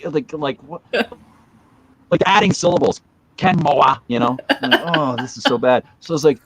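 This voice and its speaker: A man's voice: mid-range voice, normal speed, a bit bright, breathy edge. A man in his fifties, a podcast guest telling a long story in a casual, rambling way, with restarts and chuckles along the way.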